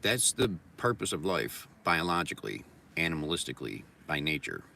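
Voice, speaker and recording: A low-voiced man with a sharp, forceful edge to his tone rambles through a blunt, profane livestream monologue, repeating his points like mantras. He sounds set back from the mic, with a faint hiss of noise behind him. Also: big pitch swings, normal speed, vocal fry, far from the mic. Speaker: livestream host.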